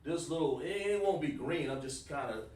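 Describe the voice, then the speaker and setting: Fairly high-pitched and a little mellow, the Hebrew teacher talks at normal speed with lively intonation during his online class. Hailing from South Carolina, USA, he's informal, repeats words, and names students directly, recorded at a distance in an echoey space.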